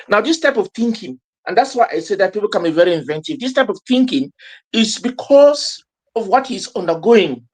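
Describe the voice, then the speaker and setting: A man, a professor, giving analytical commentary, halting with many fillers. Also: high-pitched. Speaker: professor, panel guest.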